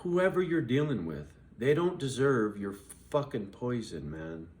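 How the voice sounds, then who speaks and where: A man's voice: medium pitch, big pitch swings, unhurried, darkish tone. Profane, rambling male vlogger. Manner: acts out both sides of conversations. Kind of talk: casual storytelling monologue.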